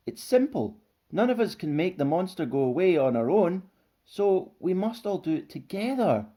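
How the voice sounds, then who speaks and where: Storybook: man doing small squeaky creature, high and bouncy. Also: sing-song, normal speed, mellow. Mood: excited. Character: small eager male creature named Basil.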